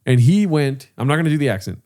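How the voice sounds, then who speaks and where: A man chats casually on a podcast. He tells rambling, profane anecdotes and jumps into quick impressions of the people he met. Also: on the high side, big pitch swings, a little mellow. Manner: loose, profane, acts out voices in his stories. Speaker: podcast co-host. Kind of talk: casual storytelling chat.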